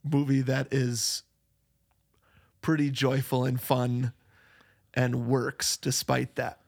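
A man's voice: medium pitch, level tone, slow, gravelly, breathy edge. A man co-hosting a podcast, chatting casually about a movie and laughing often. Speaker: podcast co-host. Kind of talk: casual movie-review chat.

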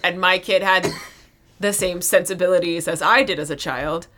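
Bright-voiced wry woman. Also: lowish voice, moderate pace. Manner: dry, wry humor. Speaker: podcast host. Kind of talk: casual movie discussion.

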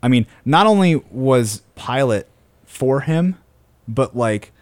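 A man in a casual faith discussion on a podcast, earnest and halting, with many restarts. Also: mid-range voice, expressive, dry recording.

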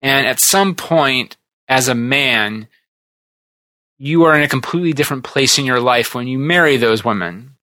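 A man hosting a podcast, chatting casually and retelling TV scenes in a rambling, animated way. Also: medium pitch, moderate pace, dry recording. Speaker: podcast host. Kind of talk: casual chat.

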